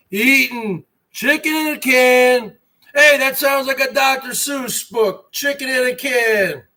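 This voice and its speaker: A man's voice: very high voice, bright, forceful tone. A man hosting an online show, delivering a mocking, repetitive rant at rivals and calling them brother. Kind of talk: ranting monologue to viewers.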